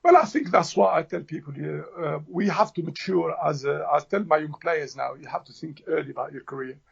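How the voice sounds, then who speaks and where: Gravelly hesitant man from Tunisia. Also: fairly high pitch, a little fast. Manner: hesitant, many fillers and restarts. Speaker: football manager. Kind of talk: relaxed interview chat. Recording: dull lo-fi audio.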